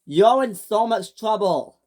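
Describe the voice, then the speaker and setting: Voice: mid-range voice, lively intonation, slow, warm tone, voice pushed up. Bossy scolding railway boss kid narrator doing him, stern, voice jumps around. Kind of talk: homemade toy-train story voices.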